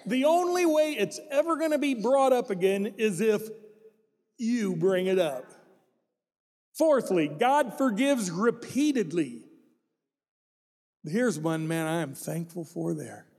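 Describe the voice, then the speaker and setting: A man's voice: high-pitched, very animated, takes it slowly, pauses often, a little mellow, in a large hall. A middle-aged male pastor preaching a sermon with a folksy, joking manner and asides to the congregation.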